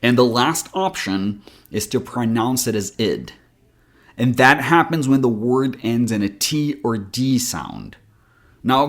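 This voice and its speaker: Speaking in a middle-pitched voice, a man who coaches accents gives a pronunciation lesson slowly and with care. One rule at a time, he explains things and voices example words to illustrate them.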